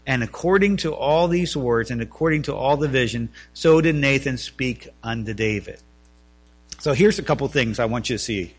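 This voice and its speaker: A man preaching a sermon, reading scripture and explaining it with animated asides. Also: medium pitch, moderate pace. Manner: animated preaching, voices biblical figures in quotes. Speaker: pastor.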